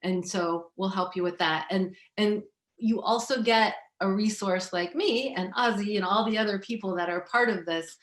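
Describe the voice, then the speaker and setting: A woman teaching yoga and essential oils, chatting casually on an online summit and telling animated stories with plenty of fillers. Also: mid-range voice, normal speed, roomy sound. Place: indoor room at home with diffusers.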